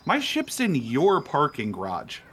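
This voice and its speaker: A man voicing a fussy, wealthy male guest who complains indignantly, stammering and flustered, in a bright, higher voice. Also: wildly swooping pitch, a little slow, a little hiss or hum, full character voice. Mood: exasperated.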